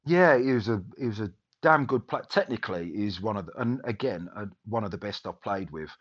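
A man's voice: fairly low pitch, lively intonation, a little fast. A man, a former footballer, reminiscing casually in a rambling way with many restarts. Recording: dull lo-fi sound.

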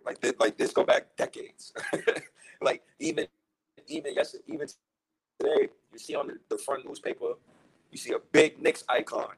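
A man's voice: moderate pace, pauses often, dry recording, rough recording. A man co-hosting a casual sports podcast, talking in a heated, joking way. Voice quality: gravelly, husky. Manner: animated, jumping pitch, heated and joking. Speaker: podcast co-host.

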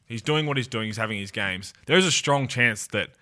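A man's voice: medium pitch, a little fast, sharp tone. A man co-hosting a basketball podcast, talking in an emphatic, opinionated way. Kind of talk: casual sports chat.

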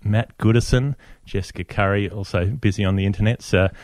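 A man's voice: lowish voice, fairly even intonation, brisk, darkish tone, no echo, clean studio sound. A man, co-hosting a casual podcast chat in a wry, chatty way and thanking listeners by name. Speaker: podcast co-host.

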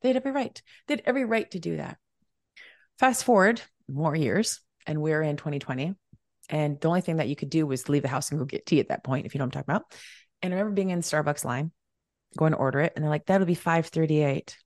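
Woman, middle-aged, lower pitch, animated storytelling, dry recording. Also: quick pace, no echo. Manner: animated, acts out quoted exchanges. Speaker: podcast guest, wealth mentor. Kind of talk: casual storytelling.

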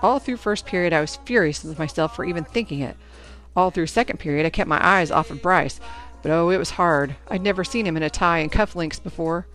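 A woman narrating a first-person storybook in an expressive, anxious telling. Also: fairly low pitch, fairly quick, soft background music. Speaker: audiobook narrator.

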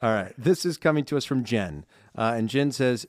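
A man's voice: medium pitch, expressive, moderate pace, no room sound, clean studio sound. A man co-hosting a holiday podcast, reading listener cards aloud in a chatty way and laughing often. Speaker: podcast co-host. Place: studio. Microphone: studio microphone.

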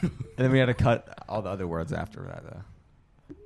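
A man's voice: on the low side, expressive, normal speed, creaky, a little mellow, slight background noise. A young man co-hosting a casual podcast, rambling and swearing as he hunts for words. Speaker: podcast co-host. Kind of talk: casual chat.

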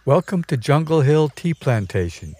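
A man's voice: medium pitch, lively intonation, moderate pace, darkish tone, lightly acted. A male storyteller voicing a proud, bossy woman who runs a jungle home, speaking in an airy, self-satisfied way. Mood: breezy, proud.

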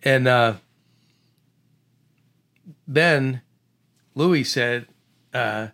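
A middle-aged man from the Boston area tells a story in easy conversation. His voice is gravelly and sits at a middle pitch. He talks in an animated way, throws in character voices and often restarts his sentences. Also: moderate pace.

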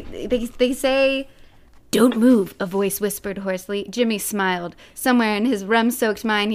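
A woman chatting casually about a book and its movie, laughing often and sometimes reading passages aloud. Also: mid-range voice.

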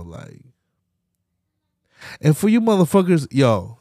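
A man hosting a podcast, delivering a profane, slang-heavy political rant that swings between loud outbursts and low mutters. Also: wildly swooping pitch, takes it slowly, dry recording, clean studio sound. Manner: profane, heated, slangy ranting. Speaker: podcast host.

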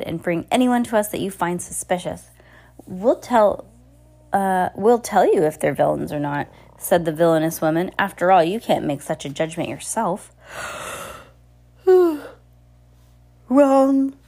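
A woman's voice: normal speed, a little mellow. Woman casually reading a novel aloud. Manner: stumbles and restarts often, adds asides; raises pitch for characters' lines. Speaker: amateur audiobook reader.

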